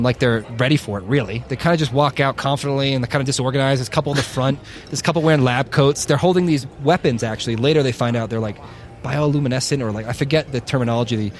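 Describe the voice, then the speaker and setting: A man co-hosting a podcast, telling a story in a casual, animated way, with profanity and plenty of fillers. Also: mid-range voice. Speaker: podcast co-host.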